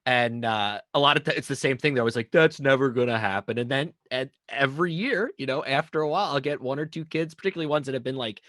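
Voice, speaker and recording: A chatty man hosting a relaxed interview podcast, asking long, rambling questions and stumbling over his opening words. His voice sits at an ordinary middle pitch. The sound is close and dry, with no room echo. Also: quick pace, hardly any pauses. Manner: chatty, repeats words when starting a sentence. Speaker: podcast host and German teacher. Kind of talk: casual conversational interview.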